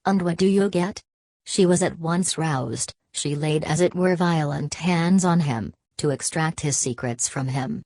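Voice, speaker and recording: Audiobook narrator, woman, low deep register, dry close sound, measured delivery. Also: no echo. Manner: steady, measured reading with quoted dialogue. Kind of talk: scripted narration.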